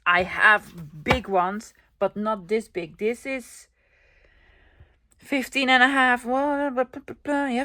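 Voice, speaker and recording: A woman's voice: mid-range voice, a bit bright. Chatty woman vlogger. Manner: chatty, enthusiastic, thinking aloud. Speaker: craft vlogger. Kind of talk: casual show-and-tell vlog.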